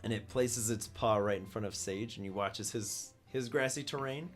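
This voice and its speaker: A man running a tabletop game as game master, narrating lively and voicing creatures. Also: moderate pace, faint music behind. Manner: lively, voices creatures with high squeaks.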